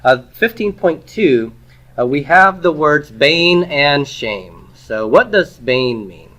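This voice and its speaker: A man's voice: a little high, lively intonation, slow pace, bright, forceful tone. A man teaching a Hebrew grammar lesson, explaining step by step, asking questions and then answering them himself, and checking in with "okay?" and "right?". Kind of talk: recorded classroom lecture.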